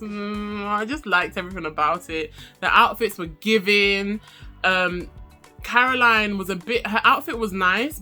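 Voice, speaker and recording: Woman, young, bright lively recap host, faint music under. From Nigeria. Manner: animated, laughs often, mimics people in high voices. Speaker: reality show reviewer. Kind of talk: casual chatty recap vlog.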